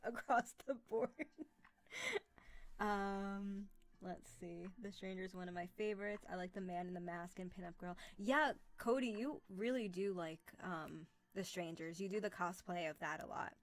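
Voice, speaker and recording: A young woman chats on a live stream from home, speaking into a computer mic. She rambles loosely, trailing off and restarting with plenty of fillers. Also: fairly low pitch. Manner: chatty, rambling, with many fillers. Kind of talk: casual live-stream chat.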